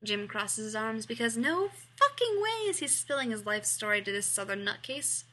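Woman reading a story out loud, bright husky voice, sometimes whispery. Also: a little high, normal speed, rough recording. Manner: expressive, at times dropping to a whisper. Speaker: fiction reader. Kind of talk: reading fan fiction aloud.

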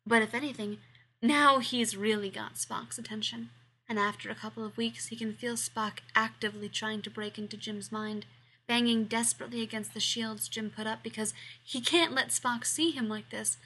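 Woman, story narration, expressive, bright, breathy, slightly high. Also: normal speed, rough recording. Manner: expressive, at times dropping to a whisper. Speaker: fiction reader. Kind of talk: reading fan fiction aloud.

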